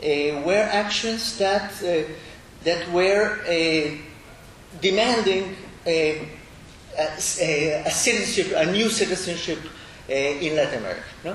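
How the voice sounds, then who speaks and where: Guy lecturing, lots of uhs and "no?", voice a bit high, roomy echo with a low rumble. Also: a bit bright. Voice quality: halting, many fillers and tag "no?". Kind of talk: academic lecture. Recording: echoey room with faint rumble.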